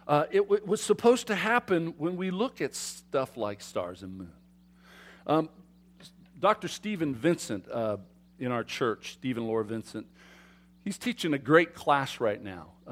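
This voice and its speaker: Animated preaching man, lively pitch. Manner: animated preaching, swinging from loud emphasis to quiet asides; asks the congregation questions. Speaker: pastor. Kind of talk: sermon. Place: church sanctuary.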